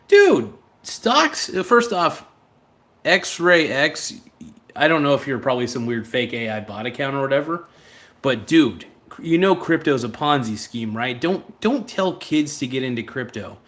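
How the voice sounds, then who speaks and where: A man's voice: medium pitch, sing-song, a little slow, a bit bright. A man hosting a livestream, talking in a casual, rambling and blunt way and answering viewer chats. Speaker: livestream host.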